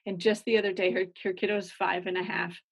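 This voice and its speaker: A woman's voice: mid-range voice, little pitch movement, brisk, slightly rough. Chatty woman podcast host. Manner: casual, chatty, enthusiastic. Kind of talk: podcast interview.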